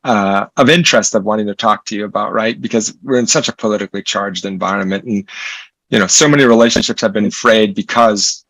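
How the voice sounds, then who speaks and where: A low-voiced man from Puerto Rico hosting an interview in a dry, close recording. He talks thoughtfully and often adds "right?" to check in with his guest. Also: steady tone, fairly quick, fairly bright tone, no echo, rough recording. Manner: thoughtful, frequent "right?" tags and restarts. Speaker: interview host. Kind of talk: conversational interview.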